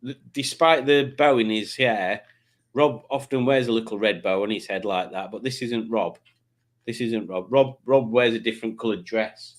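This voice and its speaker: A man's voice: fairly low pitch, moderate pace. A man hosting a casual livestream, chatting and teasing as he reads out viewers' comments. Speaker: livestream host reading chat.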